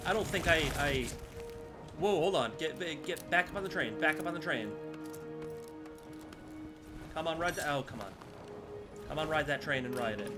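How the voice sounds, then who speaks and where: Male streamer, slightly raised pitch, loose and rambling live game chatter, music bed underneath. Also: animated, normal speed, pauses often. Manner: chatty, scattered, swears casually. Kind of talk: casual gameplay commentary. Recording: music playing behind.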